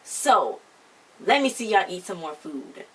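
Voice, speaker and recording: A woman's voice: fairly low pitch, big pitch swings, a little slow, fairly bright tone, breathy edge, recorded from a distance. A woman co-hosting a casual recap of a reality TV episode, retelling scenes by quoting the cast. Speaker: co-host of a reality show recap channel.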